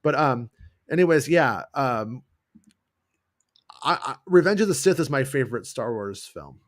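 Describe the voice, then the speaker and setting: A man's voice: mid-range voice, lively intonation, unhurried, no room sound, studio quality. A man hosting a casual fan news show, chatting loosely with many restarts and joking asides. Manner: rambling, restarts, jokey put-on voices. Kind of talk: casual livestream chat.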